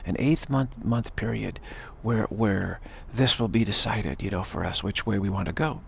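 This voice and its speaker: Gravelly low-voiced man musing earnestly. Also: normal speed. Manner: earnest and rambling, with frequent restarts. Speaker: spiritual video blogger. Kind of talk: casual spiritual monologue.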